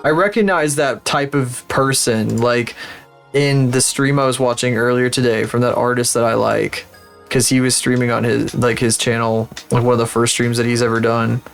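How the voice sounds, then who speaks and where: A man chatting casually on a livestream while he works, ranting and swearing often in an animated way. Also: mid-range voice, moderate pace, gravelly, faint music behind. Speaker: streamer.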